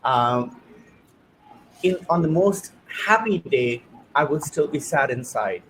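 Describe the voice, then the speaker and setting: A man hosts a heartfelt conversation in a voice pitched a little high. He speaks earnestly in short, searching phrases as he shares his own experience, with faint ambient noise behind him. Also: expressive, takes it slowly, a bit bright, rough recording. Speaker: host. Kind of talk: personal testimony in conversation.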